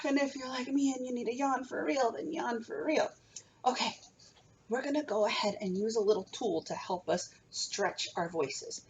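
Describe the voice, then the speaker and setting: A woman's voice: on the high side, normal speed, a little hiss or hum. A young woman teaching a remote kindergarten music lesson from home, coaxing small children with a sing-song manner.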